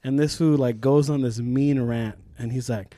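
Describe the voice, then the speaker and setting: In a studio-quality recording with no room sound, a young man co-hosting a podcast speaks in a mid-range voice at normal speed. Animated and full of profanity, he tells a story casually and performs other people's quotes loudly.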